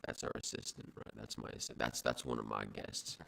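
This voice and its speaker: A man's voice: extremely low pitch, little pitch movement, fairly quick, vocal fry, bright, forceful tone, slight background noise. A man co-hosting an improvised comedy podcast, telling absurd stories in a rambling, stammering way. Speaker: podcast co-host.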